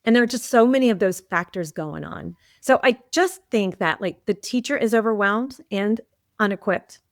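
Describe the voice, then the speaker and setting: A woman's voice: mid-range voice, normal speed, dry recording, studio quality. A woman who coaches teachers, talking earnestly and thoughtfully as a podcast guest. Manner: earnest, thoughtful, talks through ideas. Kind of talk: casual conversational.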